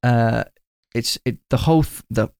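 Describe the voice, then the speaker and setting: Male podcast host, gravelly, enthusiastic film buff, dry close sound. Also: mid-range voice, moderate pace, darkish tone, no echo. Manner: enthusiastic, retells scenes at length. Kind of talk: casual film discussion.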